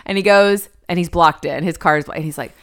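A woman co-hosting a podcast in casual chat, retelling a TV episode in an animated way and acting out the characters' lines. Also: lowish voice, fairly quick. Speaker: podcast co-host.

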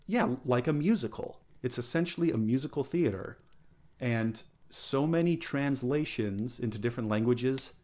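A man in a casual podcast conversation, rambling and enthusiastic. He talks in a middling voice, restarting sentences and filling pauses with um and like. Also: medium pitch, darkish tone. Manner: enthusiastic, rambling, lots of fillers.

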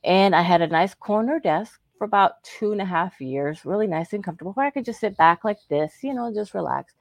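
A woman's voice: mid-range voice, expressive, fairly quick, dry recording, clean studio sound. A woman co-hosting a talk show who chats openly and animatedly about her own experience, acting out what others said to her. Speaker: co-host. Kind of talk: candid personal storytelling.

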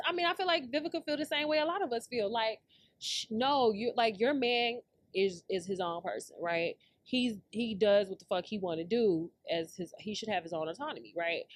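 A woman's voice: on the low side, no room sound. Blunt, profane woman ranting hotly. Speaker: podcast host. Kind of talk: casual pop-culture commentary.

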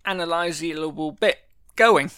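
A man co-hosting a podcast, chatting about a TV episode with wry, deadpan quips. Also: on the high side, a little slow, clean tone. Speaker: podcast co-host. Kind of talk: casual chat about a TV episode.

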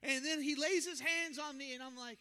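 A young man preaching a sermon as pastor, telling a story with animated, acted-out quotes. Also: very high-pitched, moderate pace. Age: young adult.

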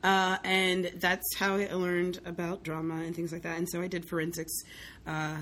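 A woman's voice: fairly low pitch, normal speed, slight background noise. A young woman from the Southern United States, a guest telling stories in casual conversation and acting out the voices of the people in them. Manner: animated storyteller, acts out quoted voices, laughs often. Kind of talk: casual chat.

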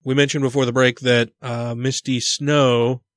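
A man's voice: medium pitch, little pitch movement, a little slow, fairly bright tone, dry recording. A man hosting a podcast, casual and questioning in conversation. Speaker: podcast host. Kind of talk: casual chat.

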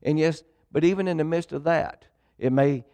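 A man's voice: on the high side, moderate pace, warm tone, dry recording. A middle-aged man, a pastor telling his own story in a folksy way to his congregation. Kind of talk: sermon testimony.

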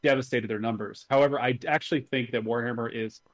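A man's voice: mid-range voice, fairly even intonation, quick pace. Man explaining games in a podcast. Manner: explains at length, methodical and enthusiastic. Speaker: podcast co-host. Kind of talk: casual podcast chat about games.

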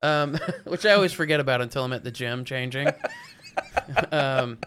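A man's voice: medium pitch, moderate pace, fairly bright tone, slight background noise. A man in his forties from Arkansas, a musician guest talking loosely in a casual chat, swearing now and then and restarting his sentences. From Arkansas, USA. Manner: loose and chatty, swears, stumbles over restarts.

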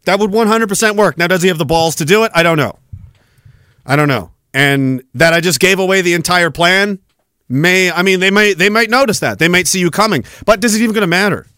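A man hosting a podcast, reading chat messages in a sarcastic, animated way, laughing often and swearing. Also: high-pitched, fairly quick, dry recording, clean studio sound. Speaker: podcast host. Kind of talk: casual livestream commentary reading chat.

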